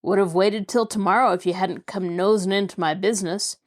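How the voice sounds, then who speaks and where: A woman's voice: mid-range voice, steady tone, fairly quick, natural voice. A woman doing a leering, boastful crook. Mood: gloating. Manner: sneering, gloating.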